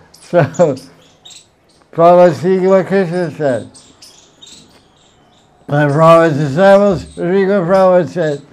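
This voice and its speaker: Smooth-voiced man giving a devotional class. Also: a little high. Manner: animated storytelling, repeats phrases, laughs. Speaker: spiritual teacher.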